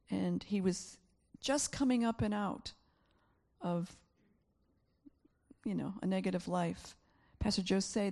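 A woman's voice: medium pitch, mellow. A woman pastor preaching a sermon, telling stories earnestly and emotionally, often repeating herself. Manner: earnest, emotional storytelling with frequent repetitions.

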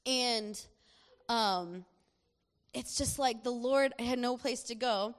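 A young woman sharing a personal testimony in a chatty, animated way, laughing often as she speaks. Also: a little high, slow. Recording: long hall reverb.

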